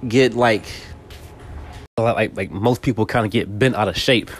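A man's voice: on the low side, unhurried, faint music behind. A man in his forties from California, hosting a casual monologue, speaking straight to the listener and often repeating and restarting his words. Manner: talks straight to the listener, seeking agreement. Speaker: podcast host.

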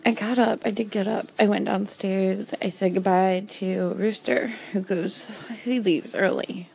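A woman's voice: mid-range voice, fairly even intonation, measured pace, creaky, a little mellow, rough recording. A woman hosting a casual chat stream, sarcastic and rambling, laughing often. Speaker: livestream host.

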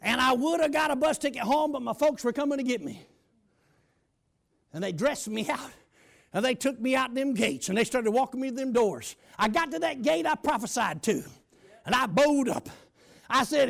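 A man preaching A pastor telling his testimony from the pulpit in a high, gravelly voice. His pitch leaps and dips all over the place, and his folksy storytelling keeps erupting into loud shouts. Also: expressive, brisk. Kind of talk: testimony sermon.

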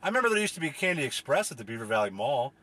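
A man's voice: mid-range voice, sing-song, very fast, bright, forceful tone, slightly rough. A man from the US delivering a profane, rambling, exasperated comedic rant as a solo podcast host.

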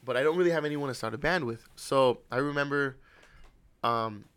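A man's voice: mid-range voice, a little fast, fairly bright tone, clear, resonant tone. A young man and podcast host telling a long, rambling, profane story in casual chat.

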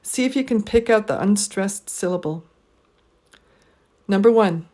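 Slow, deliberate woman teaching pronunciation. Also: mid-range voice, dark tone. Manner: stretches out model phrases for learners to repeat. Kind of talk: slow, deliberate language lesson recording.

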